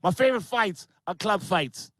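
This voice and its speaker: A brash stand-up comedian with a high-pitched man's voice, crude and animated as he spins his jokes. The sound is dry and close, with no room around it. He jumps between big shouted punchlines and quick asides. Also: dry recording. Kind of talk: online stand-up set.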